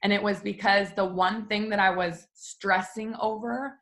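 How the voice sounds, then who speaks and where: A woman's voice: fairly even intonation, a little slow, a bit bright. A woman telling a personal story in a casual vlog, chatty and talking straight to her viewers. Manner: chatty, addresses viewers directly; acts out quoted exchanges in a higher voice. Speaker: small business owner vlogger.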